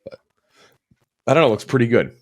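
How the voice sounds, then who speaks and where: A man's voice: medium pitch, very animated, fast talker, darkish tone, no echo. A man hosting a film podcast, rambling casually with many fillers, restarts and casual swearing. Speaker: podcast host. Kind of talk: casual chat.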